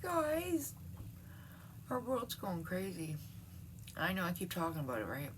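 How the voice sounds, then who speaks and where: A woman's voice: fairly low pitch, huge pitch swings, a little slow, a little hiss or hum. A middle-aged woman ranting in a casual vlog from home, exasperated and profane, often breaking into laughs. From Canada. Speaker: vlogger. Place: at home, seated.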